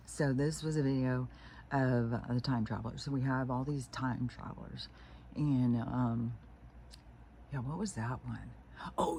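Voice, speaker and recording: A woman's voice: a bass voice, mellow, a little hiss or hum. A woman vlogging casually from home in the early morning, talking loosely and digressively and swearing freely. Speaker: spiritual vlogger. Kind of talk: casual rambling monologue.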